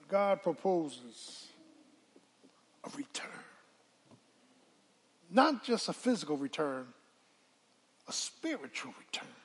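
An older woman preaching a sermon, telling folksy stories and calling out to the congregation, dropping to hushed asides and rising to shouts. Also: deep voice, slightly rough. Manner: dramatic swings from hushed asides to shouted exclamations; folksy storytelling with call-and-response to the congregation.

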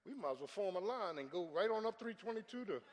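Middle-aged male pastor, lively pitch, animated sermon delivery, big reverberant sanctuary. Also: fast talker. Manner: animated preaching with sudden shouted peaks. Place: large church sanctuary. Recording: church hall with long reverb.

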